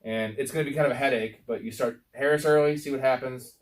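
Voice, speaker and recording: A man's voice: mid-range voice, fairly even intonation, fast talker, distant mic. A man co-hosting a sports podcast in loose casual chat, swearing freely and saying he is drunk. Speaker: podcast co-host.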